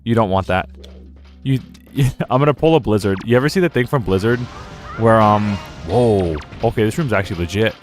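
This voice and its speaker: A man's voice: fairly low pitch, fairly quick, faint music behind. A young man streaming a game, rambling casually, laughing often and slipping into silly quoted voices. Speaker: gaming streamer. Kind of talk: casual live-stream commentary.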